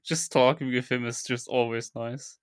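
A man's voice: medium pitch, little pitch movement, normal speed, clear, resonant tone, no echo, clean studio sound. A man co-hosting a podcast, friendly and thoughtful in casual chat. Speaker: podcast co-host.

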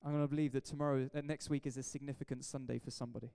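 A man's voice: mid-range voice, little pitch movement, very fast, vocal fry, dark tone, clean tone. A man, a pastor preaching an emphatic, jokey sermon in a church hall. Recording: echoey hall reverb.

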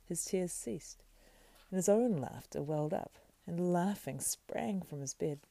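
A woman reads a fantasy story aloud, slow and hushed, slipping often into breathy whispers. Her voice is very low and dark with a gravelly creak. The sound is close and dry. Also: lively intonation, no room sound. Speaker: reader. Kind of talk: soft, partly whispered fantasy book reading.

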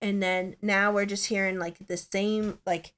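A woman's voice: medium pitch, level tone, measured pace, fairly bright tone. Chatty woman podcast host. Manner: chatty, rambling, many "like" fillers. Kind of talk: casual chat.

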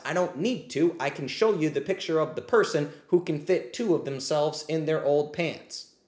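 A man's voice: on the high side, normal speed, darkish tone, reverberant. A man hosting a livestreamed ask-me-anything, talking in an impassioned, blunt and profane rant. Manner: riled up, says he is getting heated. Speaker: podcast host answering live questions.

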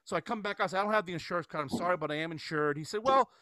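A man talks quickly in a bright, fairly high voice, rambling through an anecdote with lots of restarts. The sound is dry and close, with no room around it. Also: dry recording. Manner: rambling, animated storyteller with many restarts. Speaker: podcast host. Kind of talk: casual storytelling chat.

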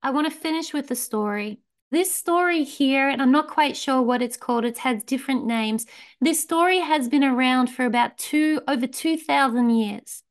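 A woman leading a recovery meeting, telling a story in a relaxed way and slowing down on key lines. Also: high voice. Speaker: meeting leader.

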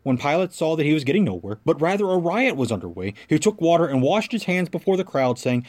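A man reading scripture aloud as lector, in a measured, clear narrating voice. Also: a little high, very animated, darkish tone.

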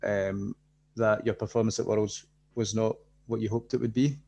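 Male podcast host; encouraging, rambling, restarts a lot; lowish voice. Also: level tone, moderate pace, gravelly, darkish tone, slight background noise. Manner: supportive, rambling questions with restarts. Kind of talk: interview questions.

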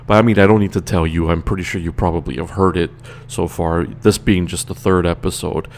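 A man's voice: deep voice, fairly even intonation, a little fast, darkish tone, a little hiss or hum. A man with a Trinidadian accent hosting his own radio show in a loose, chatty monologue, tired and rambling, laughing now and then.

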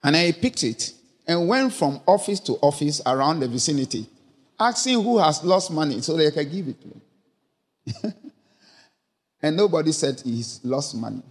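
A man's voice: a little high, sing-song, moderate pace, long pauses, slightly rough. A man preaching a sermon, quoting scripture and throwing rhetorical questions at the congregation. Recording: long reverb of a large hall.

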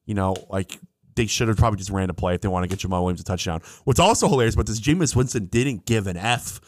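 A man co-hosting a casual sports podcast, animated and quick to laugh, often talking over his co-host. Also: low voice, no echo, studio quality.

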